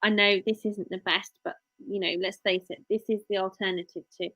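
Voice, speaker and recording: A woman's voice: medium pitch, fairly even intonation, a little fast, sharp tone, no echo, poor audio. A woman with an English accent hosting a casual live stream, chatting in a rambling, friendly way to her viewers. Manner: chatty, rambling, talks to viewers and child at once. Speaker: live-stream host, work-from-home mum.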